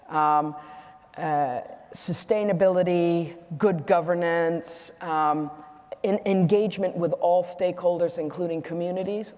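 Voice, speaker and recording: A woman in her sixties speaks in a low, dark voice as a guest speaker at an event hall. Onstage, she tells humorous anecdotes candidly, often correcting herself mid-sentence, and the recording has echoey hall reverb.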